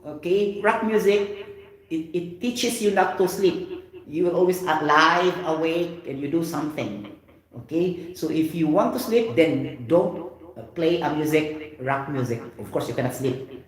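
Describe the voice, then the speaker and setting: A man giving a lively classroom lecture, often checking in with "okay" and "you get the point.". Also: fairly high pitch, unhurried. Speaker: teacher. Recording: very echoey room.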